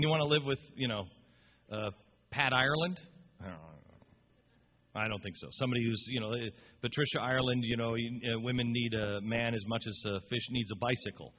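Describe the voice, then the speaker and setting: A man's voice: medium pitch, a bit bright. A man hosting a talk radio show, telling a story in an impassioned, rambling, emphatic way. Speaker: radio host. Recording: long reverb.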